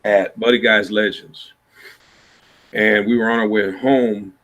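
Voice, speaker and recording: A man's voice: lowish voice, level tone, measured pace, fairly bright tone. A man from Iowa, a blues musician, telling stories in a laid-back, rambling way over a video call. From Iowa, USA. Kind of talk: casual storytelling chat.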